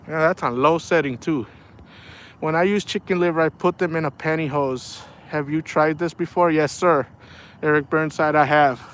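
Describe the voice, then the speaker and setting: A man's voice: a little high, slight background noise. A man chatting casually on a fishing livestream from outdoors by the water, rambling in a laid-back way and often saying "man". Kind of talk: casual live chat while fishing.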